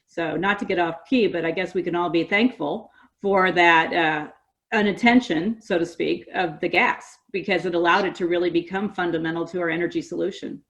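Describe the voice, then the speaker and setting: A woman's voice: fairly low pitch, fairly even intonation, normal speed, a bit bright. Upbeat woman guest on a podcast. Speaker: podcast guest, association representative. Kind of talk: casual podcast interview.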